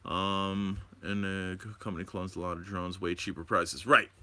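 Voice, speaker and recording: A man hosting a live stream at home, rambling excitedly and talking to his viewers about drones. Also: low-pitched, normal speed. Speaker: drone channel host.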